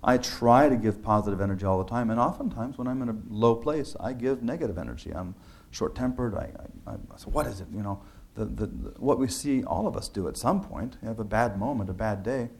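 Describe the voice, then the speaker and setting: A man's voice: lowish voice, brisk, vocal fry, darkish tone. A man talking through his book's ideas in an earnest, conversational way, with frequent restarts and filler words. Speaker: author discussing his book. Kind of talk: conversational talk.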